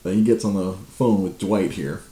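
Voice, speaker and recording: A man's voice: low voice, normal speed, roomy sound. A man streaming, casually telling a rambling story to his live chat with many restarts. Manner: rambling, frequent restarts, laughs, lively.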